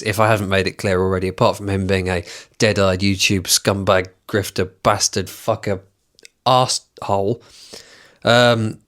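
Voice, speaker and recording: Guy ranting on his podcast, lots of swearing, sarcastic, bit low-pitched. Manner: reads items aloud and mocks them. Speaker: podcast host. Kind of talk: solo podcast rant.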